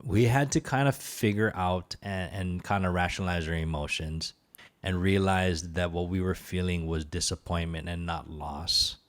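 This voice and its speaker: A man in his forties speaks with a very deep, low voice as a podcast host. He tells his story in an earnest, reflective way, keeping the tone of a casual conversation. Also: steady tone, normal speed. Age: 40s.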